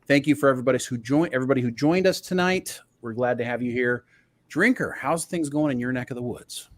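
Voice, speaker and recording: A man's voice: medium pitch, fast. A man hosting a live-streamed pop culture panel, with upbeat, scripted intro patter. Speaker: show host.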